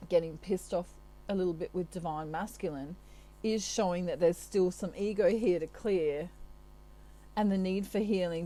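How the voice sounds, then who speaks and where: A woman's voice: lowish voice, mellow, poor audio. A woman from Australia giving a channelled tarot reading in a chatty, reassuring way, with many asides. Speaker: tarot reader.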